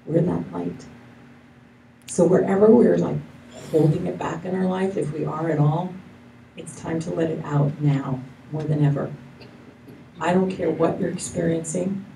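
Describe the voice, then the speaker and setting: A woman minister preaches in a loose, effusive, rambling way, often breaking off and restarting her sentences. Her voice is low and mellow. It is recorded from a distance in an echoey hall, with faint noise behind her. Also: gravelly. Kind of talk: casual sermon. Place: church hall with live congregation.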